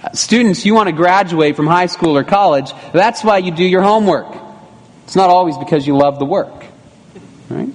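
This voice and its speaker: A middle-aged man with a somewhat high voice delivers a sermon as pastor. He keeps it conversational, with rhetorical asides. His voice rings out with the long reverb of a church hall. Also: moderate pace.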